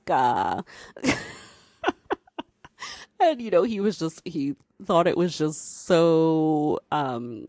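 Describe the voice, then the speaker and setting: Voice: medium pitch, sing-song, very slow, pauses often, darkish tone, no room sound, studio quality. A podcast host telling a personal story in a casual, rambling way, full of "like" and "you know" and frequent laughs. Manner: chatty, heavy use of "like" and "you know"; laughs often while talking.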